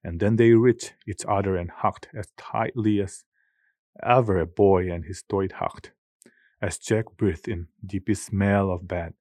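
An audiobook narrator with a low, slightly mellow voice delivers scripted narration. The recording is dry, with a clean studio sound.

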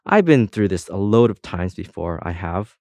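A croaking, chewed-up tennis ball talks in a low, offhand way like an old hand, as a man reading a storybook puts it on. Its voice is rough and knowing. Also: very animated, normal speed, darkish tone, no echo. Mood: streetwise.

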